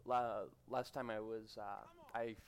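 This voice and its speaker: Low-voiced man rambling over gameplay. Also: flat delivery, slow pace, a little hiss or hum. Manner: rambling, self-described nitpicky, chatty asides. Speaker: gaming commentator. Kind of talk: casual gameplay commentary.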